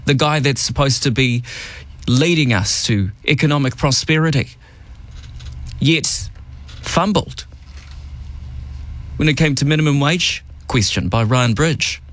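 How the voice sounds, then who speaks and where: A man's voice: mid-range voice, moderate pace. Chatty New radio host, man. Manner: chatty, wry, lively. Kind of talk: casual radio talk and news rundown. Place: radio studio.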